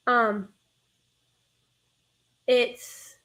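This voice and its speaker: A woman's voice: a little high, fairly even intonation, slow pace, pauses often, fairly bright tone. A young woman with a Northern US accent, hosting a casual live stream, rambling and chatting with her viewers. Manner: rambling, chatty, reads chat aloud, self-interrupting. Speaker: streamer hosting a nostalgia show.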